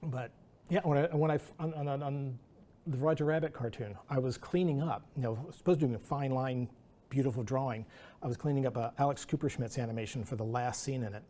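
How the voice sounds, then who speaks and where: Telling loose, rambling anecdotes at an artist talk, a middle-aged male guest artist restarts now and then and dramatizes quotes. His voice is medium-pitched, warm, and fairly quick.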